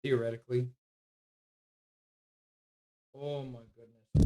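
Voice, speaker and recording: A man hosting a live hockey stream, calling the play, reading chat and cooing at his dog in soft baby talk. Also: fairly high pitch, normal speed. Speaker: streamer host.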